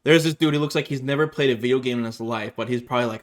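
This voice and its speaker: A young man hosting a gaming video, telling stories casually and animatedly, often laughing and acting out other people's lines in high voices. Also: very fast. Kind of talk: casual storytelling to camera.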